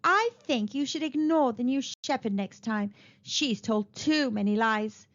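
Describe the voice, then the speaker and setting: A storybook shepherd boy forced to play prince, with a high, lilting voice and a plaintive, whiny edge, as a woman reads him. The recording has a slightly dull, lo-fi sound. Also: expressive, a little slow. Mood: calm. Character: humble young shepherd boy made a prince.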